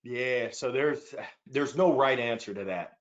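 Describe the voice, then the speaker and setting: A man's voice: medium pitch, measured pace, lo-fi sound. A man speaking as a panel guest in a webinar, upbeat and earnest, often repeating words as he starts a thought, heard over a video call. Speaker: panel guest, sales leader.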